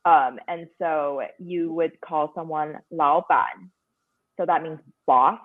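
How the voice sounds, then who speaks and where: A young woman from Taiwan explaining her culture in a casual podcast chat, patient and quick to laugh. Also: sits low. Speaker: guest teaching culture. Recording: tinny phone-like call audio.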